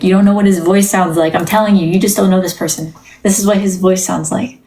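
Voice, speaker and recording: A woman's voice: on the low side, fairly even intonation, fast, mellow, poor audio. A woman hosting a casual livestream from home, talking in a candid, rambling way with many restarts. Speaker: livestream host. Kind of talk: casual live-stream chat.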